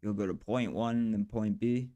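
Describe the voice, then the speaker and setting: A man's voice: lowish voice, steady tone, normal speed. A man narrating his game development work in a casual devlog, swearing and grumbling in exasperation as he goes. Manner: profane, exasperated grumbling at the software.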